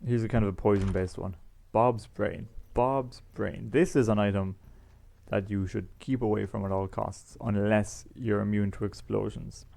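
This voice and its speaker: A male YouTuber offers laid-back let's-play commentary, rambling as he walks through the game's items. He has a warm, creaky, lowish voice with a steady tone and a moderate pace.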